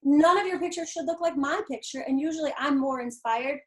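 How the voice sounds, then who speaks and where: High-voiced, earnest woman. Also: a little fast. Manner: earnest, encouraging, acts out quotes. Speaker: guest artist and painting teacher. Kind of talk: conversational interview.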